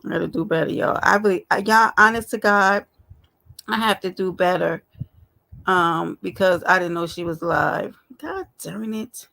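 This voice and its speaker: Chatty, creaky-voiced woman livestreamer. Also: fairly low pitch, fairly even intonation, moderate pace, sharp tone. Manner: chatty, affectionate, talks straight to viewers. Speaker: livestream host. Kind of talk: casual live-stream chat.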